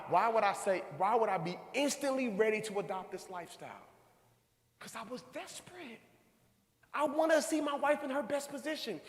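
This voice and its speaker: Male speaker in his 30s, fairly high voice, animated storyteller, echoey hall with long reverb. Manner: animated storytelling, acting out his own quoted reactions. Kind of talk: motivational talk to a live audience.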